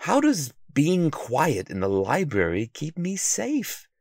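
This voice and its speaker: A man voicing a loud, impulsive male detective who exclaims and stammers dramatically. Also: on the high side, wildly swooping pitch, slow, dry recording, studio quality, pitched above the performer's own voice, heavily acted. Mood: eager.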